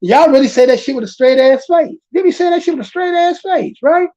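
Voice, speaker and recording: A woman's voice: sits high, brisk, poor audio. An American woman holds forth in a loose, profane commentary rant, stretching and repeating words to drive her point home. Her voice sits a little above the usual range for a woman. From United States. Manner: animated, profane, repeats and drawls key words. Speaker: commentary channel host. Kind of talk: casual ranting commentary.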